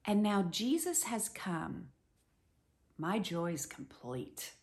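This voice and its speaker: A middle-aged woman giving an earnest, animated devotional Bible teaching, with many "you know"s. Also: on the low side, takes it slowly.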